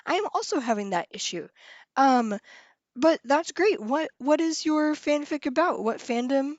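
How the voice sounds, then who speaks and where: A young woman chats with viewers on a live stream, bubbly and excitable, trailing off and laughing as she goes. Her voice sits a touch high. The sound is dull and lo-fi in a dry room with no echo. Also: measured pace.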